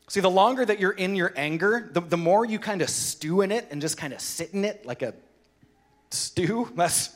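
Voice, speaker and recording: A man in his thirties preaching a sermon in a conversational, animated way, acting out quoted voices. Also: high-pitched. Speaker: pastor.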